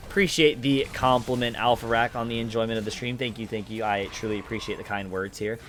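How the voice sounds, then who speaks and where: A man giving energetic live play-by-play commentary on a video game and chatting with viewers, his voice cracking upward at exciting moments. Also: medium pitch, fast talker, a little hiss or hum. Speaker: esports caster and streamer.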